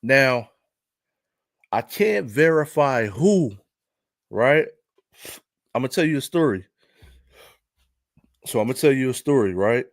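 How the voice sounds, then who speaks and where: A male vlogger with a Philadelphia accent tells a loose, rambling story, repeating himself and constantly asking "right?" to check in with the listener. His mid-range voice is animated but slow, with long pauses. The studio sound is clean, with no echo.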